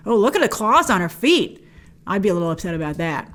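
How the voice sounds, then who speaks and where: A woman's voice: mid-range voice, sing-song, quick pace, a bit bright. A woman hosting a movie trailer breakdown, talking with wry, joking asides. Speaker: movie trailer reviewer host.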